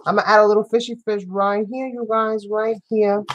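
A woman's voice: medium pitch, level tone, a little fast, no room sound, lo-fi sound. A woman hosting a live crafting show, chatting playfully with viewers as she works and often breaking into giggles. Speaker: crafting channel host. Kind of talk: live crafting demonstration chat.

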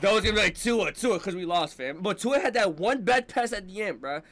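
A man's voice: high voice, expressive, a little fast, a bit bright. A young man hosting a sports reaction video, ranting in heated, slangy talk and tagging lines with "bro" and "fam". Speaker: sports fan reaction host.

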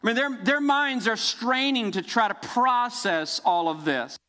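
A middle-aged man preaching a sermon, telling the story vividly with dramatic pauses. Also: extremely high pitch, sharp tone, in a large hall. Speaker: pastor. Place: church sanctuary.

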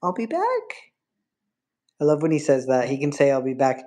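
A woman's voice: extremely low pitch, level tone, fast, warm tone. A woman hosting a casual livestream, chatting with viewers and cooing baby talk to her pet bird.

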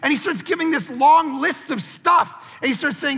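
High-pitched, animated male preacher. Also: measured pace, gravelly, big-room sound. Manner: animated storytelling preacher, acts out family dialogue. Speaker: pastor. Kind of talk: sermon.

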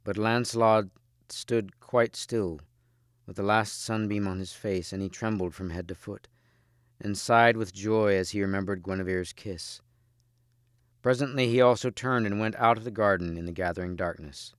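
A man reading a storybook of old legends aloud as an audiobook, measured and quiet. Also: lowish voice, steady tone, no room sound, clean studio sound. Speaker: audiobook reader.

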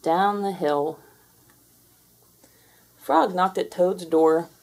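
A woman reading a children's picture book aloud in a gentle, measured way. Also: lowish voice. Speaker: storybook reader. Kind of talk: children's story read-aloud.

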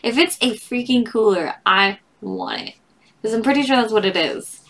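A woman's voice: fairly high pitch, normal speed, creaky, fairly bright tone. A woman casually reading memes aloud and chatting about them, giggling often and joking at her own expense. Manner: giggly, laughs often between comments; self-deprecating, chatty asides. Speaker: meme reader.

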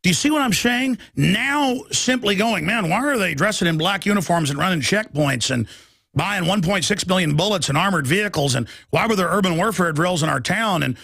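A male radio talk show host giving an emphatic, mocking political monologue that rises toward shouting. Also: high-pitched, vocal fry, dry recording, clean studio sound.

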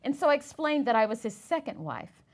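A woman's voice: sits high, big pitch swings, brisk. A woman reading a memoir excerpt aloud in a lecture, telling the story expressively.

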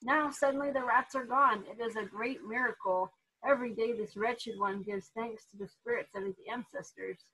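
A woman's voice: fairly high pitch, moderate pace, pushed and bright, breathy edge, poor audio. A woman voicing a timid, humble carpenter who speaks fearfully and gratefully.

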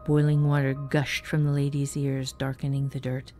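A woman narrating a dark fantasy story in a measured, even way. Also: rumbling low, soft background music. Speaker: story reader. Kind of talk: scripted narration.

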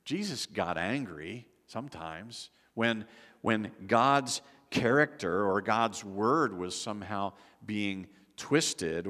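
Low-voiced pastor preaching in a reverberant hall. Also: male voice, a bit bright. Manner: conversational preaching with frequent restarts and acted quotes. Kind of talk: sermon. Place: church sanctuary. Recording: long church hall reverb.

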